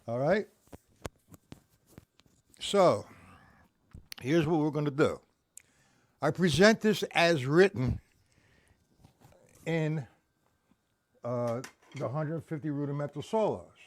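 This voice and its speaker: A man's voice: fairly high pitch, expressive, slow, long pauses. A man teaching a live-streamed drum lesson, counting beats aloud and checking in with viewers.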